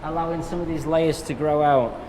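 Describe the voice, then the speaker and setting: An English man, a hairstylist, talking a viewer through a haircut in a relaxed, chatty way with joking asides. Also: a little high, a little fast. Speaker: hairstylist and educator. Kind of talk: live haircut tutorial commentary. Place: hair salon. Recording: echoey salon with background noise.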